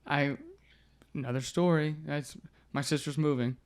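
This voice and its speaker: A man's voice: on the high side, a little slow, smooth. Laughing young man telling a story. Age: 20s. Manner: animated storyteller, laughs often, swears casually. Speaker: MMA fighter guest. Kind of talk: casual podcast storytelling.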